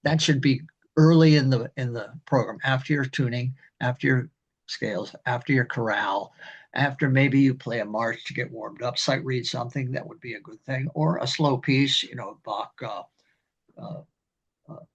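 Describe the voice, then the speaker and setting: An older man, a community band director, explaining conducting in a rambling, halting way and singing rhythms. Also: medium pitch, husky, dull audio. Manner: rambling, halting, with many fillers and sung rhythms. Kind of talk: instructional talk on conducting.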